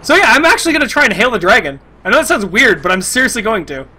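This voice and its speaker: A man's voice: sits high, sing-song, very fast, bright, forceful tone. A man playing in an online tabletop game, chatting eagerly and joking with the table. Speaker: player. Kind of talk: casual chat at a game table.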